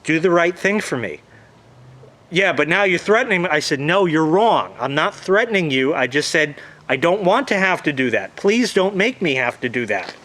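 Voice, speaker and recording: A fed-up man tells his story with plenty of profanity and a voice sitting slightly higher than most men's. He talks loosely and casually, slipping into quoted back-and-forth as he retells who said what. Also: expressive, moderate pace, fairly bright tone. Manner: swears freely, retells dialogue in quotes. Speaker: vlogger.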